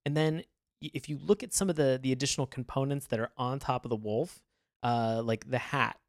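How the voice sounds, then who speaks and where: A man co-hosting a podcast in casual chat, rambling and animated, laughing often. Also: medium pitch, brisk, no room sound, clean studio sound. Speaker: podcast co-host.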